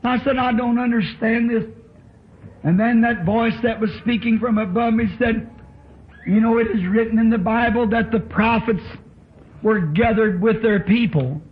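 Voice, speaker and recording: A man's voice: very high voice, normal speed. A man preaching a sermon in a church, telling his story with fervent emotion. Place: church tabernacle. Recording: dull lo-fi old tape recording.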